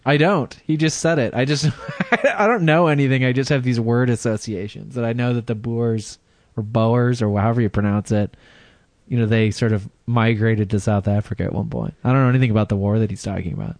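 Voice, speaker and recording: A man's voice: mid-range voice, steady tone, a little fast, a little mellow, no room sound. A man co-hosting a crude podcast, throwing in joking, wry asides. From United States. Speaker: podcast co-host. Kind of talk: casual crude banter.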